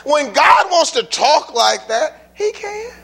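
A man's voice: very high-pitched, big pitch swings, slow, creaky, a bit bright. A man preaching a sermon to a congregation in a church, emphatic and folksy, pressing his point with rhetorical questions. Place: church building before a congregation.

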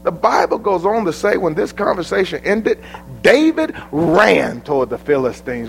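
American preacher, folksy, high voice, sweeping dramatic delivery. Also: male voice, big pitch swings, normal speed, creaky, slight background noise, poor audio. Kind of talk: sermon.

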